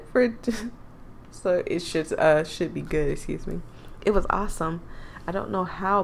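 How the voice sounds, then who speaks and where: A woman's voice: fairly low pitch, vocal fry, a little hiss or hum. A woman voicing an awkward, earnest young man in a dating game, with hesitant, stumbling delivery.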